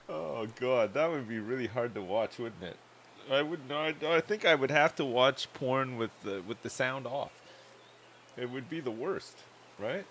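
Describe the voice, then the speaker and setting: A man's voice: mid-range voice, a little slow, fairly bright tone, slight background noise. A man chatting loosely and joking while livestreaming a game, rambling from one thought to the next. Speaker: streamer.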